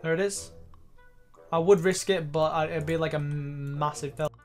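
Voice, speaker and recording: A young man giving excitable, profanity-laced commentary over his own gameplay clips. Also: on the high side, moderate pace. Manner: excitable, swears freely, loud exclamations. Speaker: gaming YouTuber. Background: faint background music.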